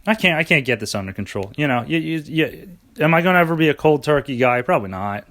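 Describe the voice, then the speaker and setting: A man's voice: a little high, lively intonation, quick pace, fairly bright tone. A young man hosting a rambling solo podcast, sarcastic and self-mocking, swearing often. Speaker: podcast host.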